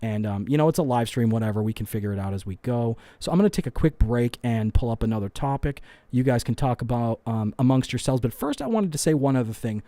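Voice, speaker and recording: A man's voice: medium pitch, lively intonation, fast talker, few pauses, warm tone, dry recording. A man hosting a casual live stream at a studio microphone, reading chat aloud, rambling, swearing often and poking fun at himself. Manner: rambling, swears a lot, self-deprecating. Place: home studio with lights.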